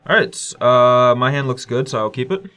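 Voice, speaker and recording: A man's voice: mid-range voice, expressive, moderate pace, pushed and bright. A man playing a card game, giving dry, terse answers to his opponent. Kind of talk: casual table talk during a match.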